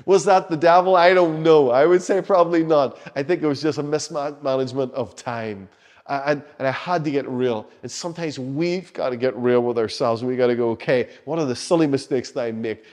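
A man preaching a sermon as pastor, urging loudly at times and dropping to soft, hushed lines at others. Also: mid-range voice. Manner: passionate, shifts between loud urging and soft hushed lines. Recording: long hall reverb.

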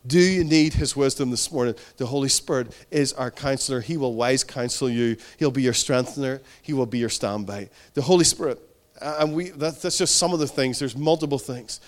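A man preaching a sermon as pastor, fervent and repetitive, swinging between emphatic rises and hushed, tender passages. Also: medium pitch, a little fast.

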